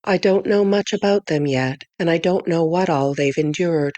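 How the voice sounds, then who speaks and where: A woman reads a first-person novel aloud in a measured, clear storytelling manner. Her voice sits on the low side, and the recording is dry and close with no room sound. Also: dark tone, no room sound. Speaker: audiobook narrator. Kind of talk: first-person audiobook narration.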